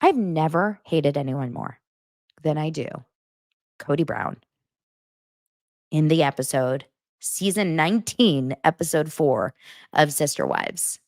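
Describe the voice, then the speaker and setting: A woman's voice: deep voice, lively intonation, slow, pauses often, a little mellow, no room sound, clean studio sound. Blunt, sarcastic woman host ranting. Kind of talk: ranting pop-culture commentary.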